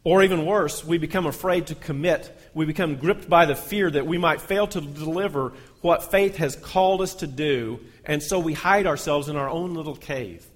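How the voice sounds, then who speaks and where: A man's voice: fairly high pitch, moderate pace, hardly any pauses. A male pastor, reading scripture aloud in a sermon and lifting his voice on the quoted lines. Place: church sanctuary. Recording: long hall reverb.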